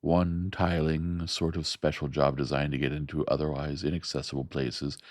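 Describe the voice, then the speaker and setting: A man reading a science fiction novel aloud in a slow, even, soft-spoken narration. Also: extremely low pitch, creaky, no echo, clean studio sound. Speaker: audiobook narrator.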